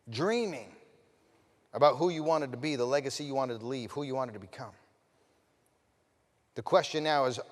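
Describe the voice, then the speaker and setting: A man telling a personal story as a motivational speaker, swinging between loud, fired-up bursts and hushed passages, and asking the audience direct questions. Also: a little high, long reverb tail. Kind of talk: storytelling keynote speech.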